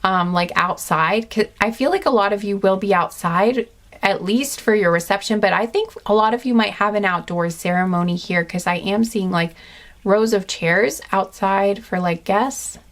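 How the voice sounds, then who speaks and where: A woman giving an intuitive pick-a-card reading, chatting gently and earnestly with lots of fillers and restarts. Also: medium pitch, moderate pace. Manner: rambling, many fillers and restarts. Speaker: tarot card reader.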